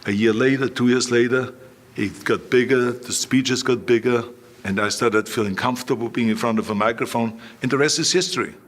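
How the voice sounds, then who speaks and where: A man's voice: medium pitch, brisk. Emphatic man telling stories. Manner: anecdotal, emphatic, repeats phrases. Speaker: guest. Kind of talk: storytelling interview.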